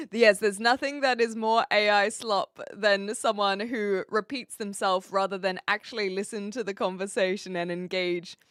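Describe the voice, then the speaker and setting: A woman's voice: medium pitch, fairly even intonation, a little slow, a bit bright, clean tone, dry recording, clean studio sound. A woman from New Zealand with a light accent, chatting casually with viewers on a live stream, laughing often and trailing off mid-sentence.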